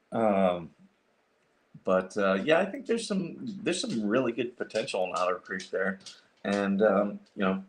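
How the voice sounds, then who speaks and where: A man with a fairly low voice hosts a casual livestream, chatting as he works through things on his computer. He rambles with lots of fillers and restarts, thinking out loud as he goes. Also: expressive, a little slow, a little hiss or hum. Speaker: livestream host.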